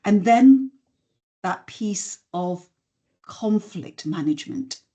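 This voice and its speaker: A woman, a voice and communication skills trainer, explaining communication habits in a podcast interview in a measured, instructive way. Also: mid-range voice, animated, dark tone. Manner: measured, instructive, demonstrates intonation examples.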